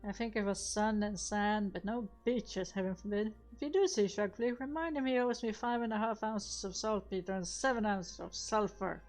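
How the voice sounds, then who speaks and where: A woman's voice: medium pitch, moderate pace, few pauses, darkish tone, natural voice. A woman voicing a haughty, scolding male goblin gunner, with dull audio and game music behind her. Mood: boastful.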